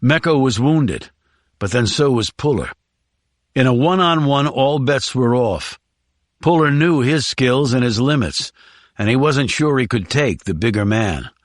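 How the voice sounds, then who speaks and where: In this scripted audiobook narration, a man tells the story at an even, measured pace. He has a mid-range voice, recorded at studio quality with no echo.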